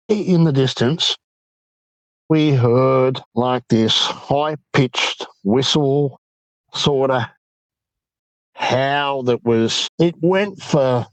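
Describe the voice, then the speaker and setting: Poor audio with no room sound captures a medium-pitched Australian man, a guest on an interview show. He's an animated storyteller, recounting a night-time encounter and quoting what he and his friend said.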